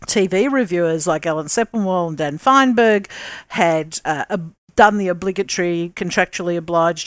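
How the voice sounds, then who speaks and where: A woman's voice: on the low side, moderate pace, no room sound. Chatty woman co-host, dry sound. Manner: chatty, explains with many fillers. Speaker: podcast co-host. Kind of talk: casual chat.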